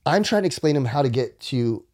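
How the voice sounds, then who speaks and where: A man sits at a podcast mic and tells a long, profane story with lots of energy. He jumps to a high voice when he quotes people and drops to a near whisper at the quiet parts. His voice sits at a middle pitch. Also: lively intonation, fast talker. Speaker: podcast guest. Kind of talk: casual storytelling.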